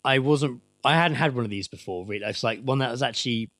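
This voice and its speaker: A young man co-hosting a podcast, telling jokes in a deadpan, swearing style. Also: mid-range voice, quick pace, no echo, studio quality. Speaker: podcast co-host. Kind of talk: casual chat.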